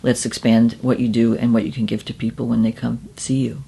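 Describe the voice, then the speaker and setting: Gravelly-voiced woman telling her story. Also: rumbling low, little pitch movement, brisk, warm tone. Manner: candid, self-deprecating, conversational. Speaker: psychic medium. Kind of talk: interview storytelling.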